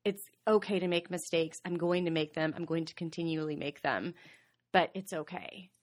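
A woman's voice: lowish voice, fairly even intonation, moderate pace. A woman in her thirties, co-hosting a podcast, telling a personal story in an earnest, confessional way. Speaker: podcast co-host. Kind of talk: candid conversational podcast.

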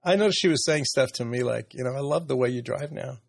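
A man in his late sixties speaks in a personal podcast conversation, his voice gravelly and slightly husky. He talks reflectively and openly, sometimes laughing softly. The sound is dry and close to the mic. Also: mid-range voice, fast, dry recording. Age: 60s. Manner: reflective, emotional, candid with soft laughs. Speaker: podcast host.

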